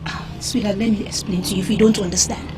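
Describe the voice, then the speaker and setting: An actress with a Nigerian accent playing a scornful, confrontational friend in a drama. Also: female voice, medium pitch, fairly even intonation, fast talker, background noise, close to an everyday voice. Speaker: friend (Mwaka). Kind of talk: Nollywood drama acting.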